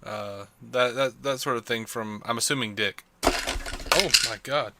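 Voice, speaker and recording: A man hosting a podcast in casual chat, talkative and quick to laugh, on a desk microphone. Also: medium pitch, very noisy. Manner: chatty, laughs often. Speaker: podcast host. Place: home desk setup. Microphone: studio microphone.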